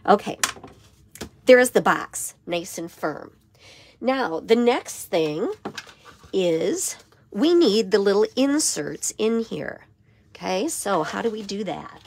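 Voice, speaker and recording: Raspy, gravelly-voiced woman teaching crafts. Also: medium pitch, big pitch swings, takes it slowly, pauses often. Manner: step-by-step instruction with frequent okays. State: hoarse. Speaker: papercraft demonstrator. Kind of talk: crafting tutorial. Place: home craft studio.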